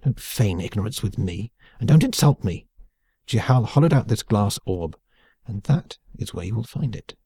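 A man doing a raspy, wheedling old prisoner. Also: lowish voice, expressive, normal speed, mellow, no room sound, studio quality, exaggerated voice. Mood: insistent. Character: frail, cackling old male prisoner. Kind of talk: audiobook character voice.

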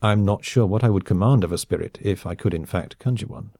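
A man's voice: lowish voice, fairly quick, dark tone, dry recording, clean studio sound. A man reading the part of a poised, aloof woman aristocrat who speaks in a cool, polite and dismissive way. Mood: coolly dismissive.

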